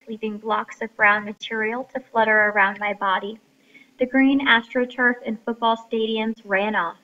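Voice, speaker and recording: Woman teacher explaining, slightly high voice. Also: fairly bright tone, lo-fi sound. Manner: explains step by step, reads passages aloud. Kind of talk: classroom lesson on story writing.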